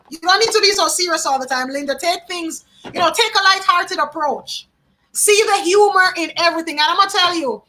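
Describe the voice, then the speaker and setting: A woman's voice: very high-pitched, sharp tone, a little hiss or hum. A woman from Jamaica, giving a live psychic card reading and musing aloud, often repeating names and phrases. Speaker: tarot card reader.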